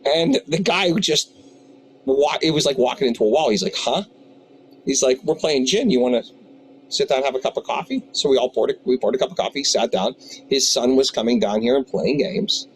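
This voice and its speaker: A man's voice: mid-range voice, a little fast, a little hiss or hum, rough recording. A man in his fifties who owns a tabletop game shop, telling rambling anecdotes with many restarts in an interview. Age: 50s. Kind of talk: storytelling interview.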